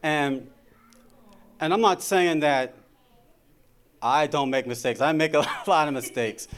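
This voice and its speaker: A man's voice: a little high, takes it slowly, a bit bright, clean tone. A middle-aged man giving an informal sermon about marriage, talking conversationally and often repeating his words.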